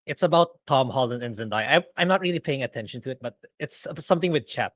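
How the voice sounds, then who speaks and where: A man's voice: medium pitch, expressive, quick pace, fairly bright tone, no room sound, studio quality. Hesitant podcast co-host man. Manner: hesitant, restarts, keeps an eye on chat. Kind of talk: casual chat.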